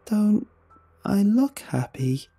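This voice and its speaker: A man's voice: sits high, sing-song, slow, creaky, warm tone, slightly rough, soft background music, pitched above the performer's own voice, heavily acted. A man voicing a creepy entity that mimics a little girl, speaking in an eerily sweet, pleading sing-song. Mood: menacing.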